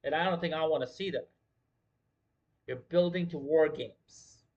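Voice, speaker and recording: A man's voice: a little high, unhurried, highs cut off. A man hosting a wrestling livestream in casual commentary, talking emphatically with lots of swearing and repeating his points. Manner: profane, emphatic, repeats himself.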